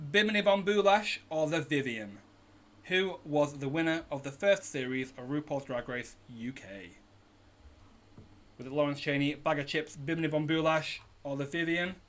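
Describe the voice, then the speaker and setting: A man's voice: a little high, fairly bright tone. Upbeat British man hosting a quiz. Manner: upbeat, reads out questions and team names. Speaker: quiz host. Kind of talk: live online pub quiz hosting. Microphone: home streaming setup.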